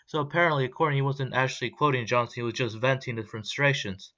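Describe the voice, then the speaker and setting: A man's voice: mid-range voice, fast talker, sharp tone. A young man ranting angrily in a vlog, swearing and rambling in a heated way. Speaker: vlogger. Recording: dull lo-fi sound.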